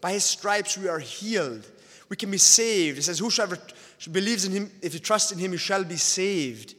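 A man's voice: high voice, lively intonation, moderate pace, a bit bright, breathy edge, long reverb tail. A man preaching an evangelistic sermon, pleading with his listeners and rising and falling in intensity.

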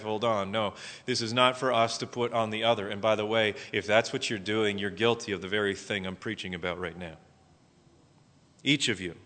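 A man preaching a sermon as pastor, animated, often acting out quotes. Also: mid-range voice. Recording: long hall reverb.

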